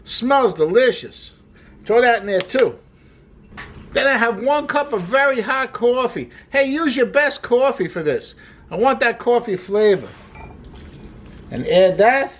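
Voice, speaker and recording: A man's voice: extremely high pitch, expressive, unhurried, pauses often, a little hiss or hum. A man hosting a casual cooking demonstration, chatty and upbeat as he explains each step while he works. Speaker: cooking show host. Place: home kitchen.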